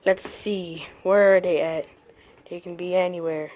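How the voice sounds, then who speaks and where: A creator narrating a comedy toy video in a casual, low, mumbling way with many hesitant fillers. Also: steady tone, a little slow, darkish tone.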